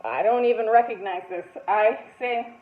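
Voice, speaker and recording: A woman telling a personal story in an animated way, often breaking into laughter. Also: a little high, moderate pace. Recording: tinny phone-like sound in an echoey room.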